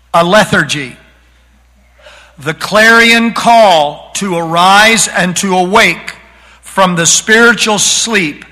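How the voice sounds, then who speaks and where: A man preaching a sermon to a congregation, slowing down and building to dramatic shouts. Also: sits high, in a large hall. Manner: dramatic, slows and rises to shouting. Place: church sanctuary.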